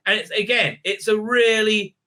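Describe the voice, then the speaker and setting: In a high-pitched, pushed and bright voice with a steady tone and normal speed, a man casually recaps and reviews a TV episode with spoilers. He's a reviewer who rambles, uses lots of fillers, keeps asking "right?", and erupts in enthusiastic praise.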